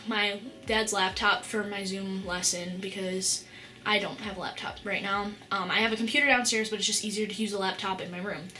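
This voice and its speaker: A teenage girl telling a story in a casual vlog, excited and rambling, with lots of "like" and restarts. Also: mid-range voice. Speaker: vlogger.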